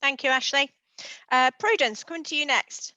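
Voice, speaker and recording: A woman moderates an online panel and hands off to each speaker in a brisk, cheerful way. Her voice is pitched a little high and sounds bright and forward. The call audio is dry and dull. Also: dry recording. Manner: brisk, cheerful hand-offs.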